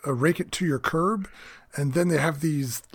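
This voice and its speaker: A man co-hosting a hobby podcast, chatting in an easygoing, wry way with a gravelly, husky voice. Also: on the high side, moderate pace, dry recording, clean studio sound. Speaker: podcast co-host. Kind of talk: casual chat.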